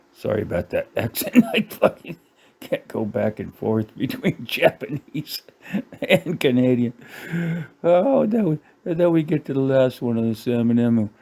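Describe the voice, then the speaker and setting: A man's voice: medium pitch, lively intonation, measured pace, gravelly, warm tone. A middle-aged man ranting sarcastically about a menu, cursing and laughing at his own jokes. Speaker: channel host. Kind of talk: casual ranting commentary.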